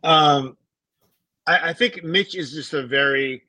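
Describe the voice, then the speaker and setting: This is a man co-hosting a casual reality-show recap, speaking in a measured, slightly hesitant way. His voice is fairly high for a man and has a bright edge. The recording is close and dry. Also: dry recording. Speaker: podcast co-host.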